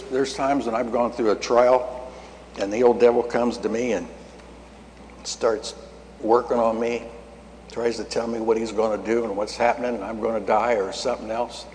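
A man's voice: on the low side, a little mellow, a little hiss or hum. An older man preaching a sermon, telling a story in a folksy way and acting out the dialogue, his voice rising to emphatic peaks. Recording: long hall reverb.

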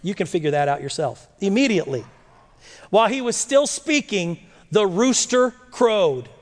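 A man preaching a sermon, reading scripture slowly and breaking in with lively rhetorical questions. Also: high-pitched. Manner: animated, rhetorical questions, dramatic slow readings. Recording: long echo of a large hall.

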